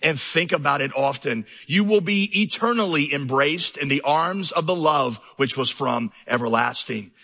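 A man's voice: fairly high pitch, moderate pace, hardly any pauses, bright, forceful tone, in a large hall. A middle-aged man preaching a sermon as pastor, telling stories and building to passionate peaks. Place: large church auditorium.

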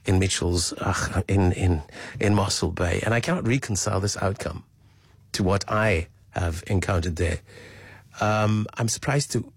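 A man's voice: on the low side, slightly rough, no echo. A man hosting a radio talk show, speaking in a thoughtful, hesitant way with many fillers. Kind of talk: casual radio talk, reading listener messages.

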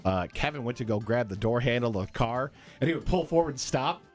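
A man's voice: mid-range voice, fairly quick, soft background music. A man chatting casually on a podcast, telling stories and acting out quotes. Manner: animated storyteller, acts out quotes.

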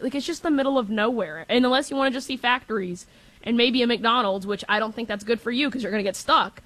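A woman's voice: fairly high pitch, animated, quick pace, a bit bright, dry recording. A young woman co-hosting a casual sports talk show, chatty and blunt with her opinions. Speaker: co-host.

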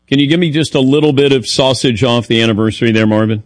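A man hosting a sports radio show, teasing his co-hosts in a wry, lively way and reading an ad. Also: mid-range voice, fast, hardly any pauses, no echo. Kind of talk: casual radio talk and read ad.

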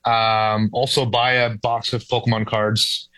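A young adult man, a comedian guest, talking casually in an interview, relaxed with lots of "like" fillers and playful quoted asides. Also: medium pitch, a little slow, no room sound, poor audio.

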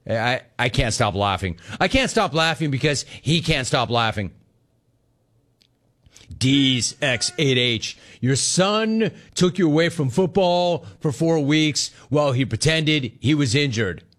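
Mocking and sarcastic, this man hosts sports talk radio, reading out listener messages and laughing at the callers in a monologue. His mid-range voice is animated and fairly bright, and he takes his time.

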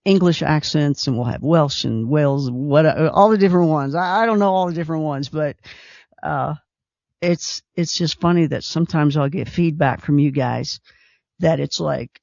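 Call-in radio host, male, slight Kentucky twang, gravelly, eager and chatty. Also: fairly high pitch, normal speed, a little mellow, dry recording, dull audio. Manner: chatty and enthusiastic, repeats himself. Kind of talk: casual call-in radio chat.

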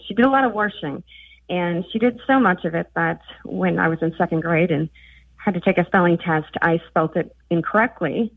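A woman's voice: on the low side, no echo. A woman from northern Minnesota calling in to a radio show and chatting through a story. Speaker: caller. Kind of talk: phone-in call. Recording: tinny phone line.

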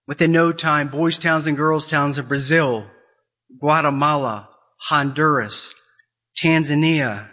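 Emphatic man giving a bright, forceful talk. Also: slow pace. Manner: emphatic, rising to high pitch in bursts, repeats phrases; acts out quoted voices. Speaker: Catholic speaker. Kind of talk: impassioned sermon talk.

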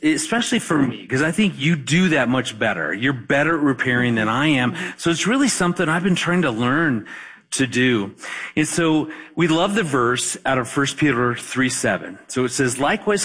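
Husky man in his forties. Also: medium pitch. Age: 40s. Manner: animated storyteller, laughs while talking. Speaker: guest speaker on marriage. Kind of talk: conversational radio talk.

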